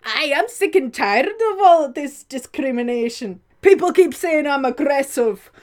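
A woman voicing an aggrieved, indignant ranter who talks loud and high. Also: expressive, unhurried.

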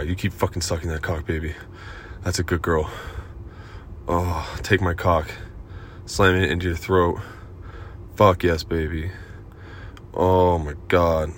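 A man performs a dominant erotic audio role-play, giving commands and swearing, with breathy moans between his lines. His voice sits low, and there's a little hiss or hum in the recording.

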